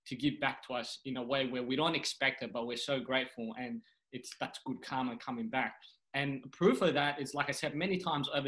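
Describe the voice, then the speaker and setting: A young man from Sudan, a comedian guest on a podcast, telling a personal story in an earnest, animated way, often saying "you know" and "man". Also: mid-range voice, poor audio. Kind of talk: casual storytelling interview.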